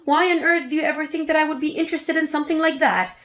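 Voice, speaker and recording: A woman's voice: sits high, steady tone, fast, a bit bright, soft background music. A woman voicing a spiteful, scornful older mother-in-law in a dramatic story reading. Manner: sneering, contemptuous.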